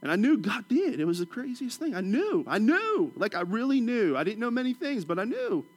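A middle-aged male preacher from Washington, D.C., with a notably high-pitched voice. He preaches with chuckling, humorous storytelling and sinks into a hushed, low tone to drive his points home. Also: wildly swooping pitch, fairly quick. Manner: drops to a soft, low voice for emphasis. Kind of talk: sermon.

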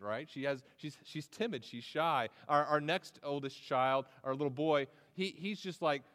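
A man's voice: a little high, normal speed, hardly any pauses, fairly bright tone, big-room sound. A man in his thirties preaching a sermon as pastor, conversational and prone to repeating words as he starts a phrase.

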